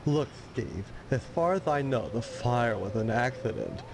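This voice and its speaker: A pompous fire chief with artistic airs. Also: male voice, mid-range voice, animated, a little slow. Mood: lofty. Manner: lofty, theatrical, condescending. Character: pompous male fire chief who fancies himself an artist. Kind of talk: full-motion video game acting. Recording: noisy game audio.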